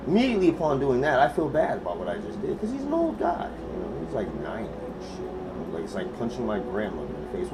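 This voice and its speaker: A man spins a rambling, swear-heavy story as host of his own show, his voice leaping up and down in an animated way. He drops to near-mumbles, then bursts into shouts. Clear background noise hums through the room. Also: medium pitch. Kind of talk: casual storytelling monologue. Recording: noisy room ambience.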